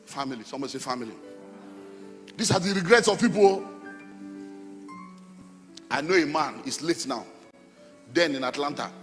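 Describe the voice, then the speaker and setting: A middle-aged man preaching a sermon as pastor, emphatic and repetitive with sudden loud outbursts. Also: fairly high pitch. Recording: long hall reverb with faint music.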